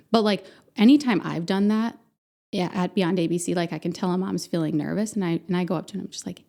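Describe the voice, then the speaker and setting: Earnest woman with a gravelly voice. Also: lowish voice, steady tone, fast talker, dark tone. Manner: earnest, candid. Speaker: podcast guest, center founder. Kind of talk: conversational interview.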